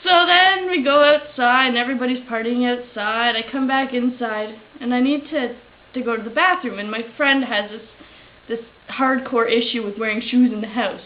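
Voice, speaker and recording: A woman casually telling a funny story, giggly, with a drawn-out comic delivery. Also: a little high. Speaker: vlogger. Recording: echoey room, dull lo-fi sound, faint hiss.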